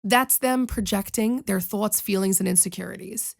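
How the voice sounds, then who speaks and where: A woman's voice: medium pitch, normal speed, vocal fry. A young woman singer hosting her own show, chatting casually to camera in a sassy, chatty, self-motivating way. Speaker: singer and podcast host.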